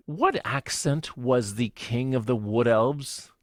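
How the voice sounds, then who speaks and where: A man co-hosting a casual movie podcast, talking in animated bursts and laughing often. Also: mid-range voice, extremely slow, long pauses, no room sound, studio quality. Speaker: podcast co-host.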